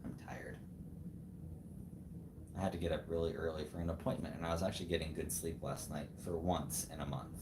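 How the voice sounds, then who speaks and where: A man's voice: a bass voice, flat delivery, a little fast, long pauses, roomy sound. A middle-aged American man coaching his wife through a build step by step, teasing her in casual livestream chat. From United States. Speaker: husband and co-host. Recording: noisy home livestream.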